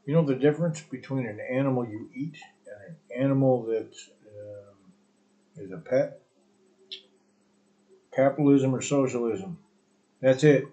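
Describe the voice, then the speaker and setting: A man rambles through his own live stream, swearing freely and trading in sarcasm. His voice sits in an ordinary middle pitch. The sound is dull and lo-fi, like a home stream setup. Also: warm tone. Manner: crude, profane, rambling and sarcastic. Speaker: podcast host. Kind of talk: solo live stream chat.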